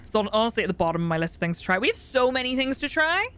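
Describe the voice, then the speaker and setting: Chatty bright-voiced woman streamer. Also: on the high side, very animated, very fast, clean tone. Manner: chatty, laughs often, greets chat by name. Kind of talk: casual live-stream chat.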